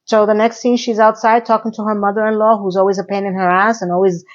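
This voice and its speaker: A woman casually recapping and reviewing a TV episode, animated and sarcastic, swinging between loud and soft. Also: medium pitch, quick pace, highs cut off. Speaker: TV review vlogger.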